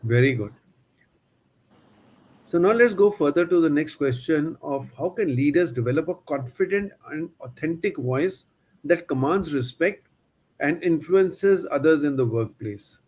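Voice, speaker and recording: A male interview host with a slightly raised pitch thanks his guest and sets up the next question. His phrasing is measured, with brief hesitations. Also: animated, darkish tone, slightly rough.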